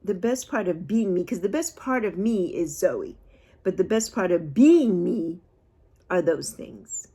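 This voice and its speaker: A woman's voice: lowish voice, lively intonation, measured pace, dark tone, slightly rough. A woman in her sixties talking casually and emotionally to her viewers, rambling and laughing at herself. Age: 60s. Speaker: vlogger. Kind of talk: unscripted talk to camera.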